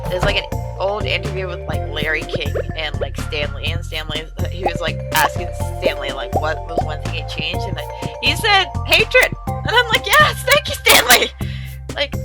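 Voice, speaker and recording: A young woman from an island chats casually on her stream, animated and swearing freely as she slips into silly voices. Her voice is lowish and her speed normal. The audio is poor, with music playing behind her.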